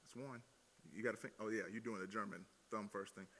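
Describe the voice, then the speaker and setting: A man's voice: on the low side, brisk, a little hiss or hum. A male pastor with a Southern accent, preaching playfully and teasing the crowd during an audience demo. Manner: jokey, teasing, energetic with crowd. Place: large hall at student gathering. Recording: long hall reverb.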